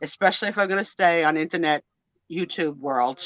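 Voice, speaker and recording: A woman in her sixties chatting casually on a live stream, an animated storyteller who acts out the voices in her stories. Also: low voice, a little fast, dry recording, muffled recording. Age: 60s. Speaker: co-host of a live sale and chat stream. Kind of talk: casual chat.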